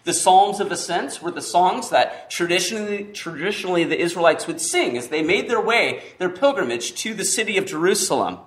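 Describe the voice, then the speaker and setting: Man, sermon, expressive preaching, emphatic pauses, animated voice. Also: high voice. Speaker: pastor.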